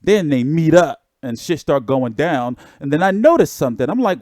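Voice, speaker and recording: A man's voice: fairly high pitch, animated, normal speed, a little mellow, no echo, studio quality. A man hosting a boxing channel, talking in a rambling, laid-back way with lots of fillers. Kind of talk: casual livestream commentary.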